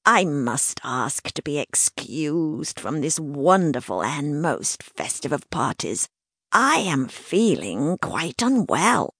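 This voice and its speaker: A woman's voice: very deep voice, gravelly, fairly bright tone, husky, dry recording, clean studio sound, heavily acted. A woman doing a quavering, theatrical nervous man. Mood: feigned regret. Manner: quavering, slow, regretful.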